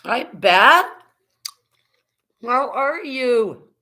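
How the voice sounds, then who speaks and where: A woman's voice: on the high side, animated, extremely slow, bright, forceful tone. A middle-aged woman from Canada, chatting casually on a live stream, greeting viewers by name and swearing now and then. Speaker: livestream host.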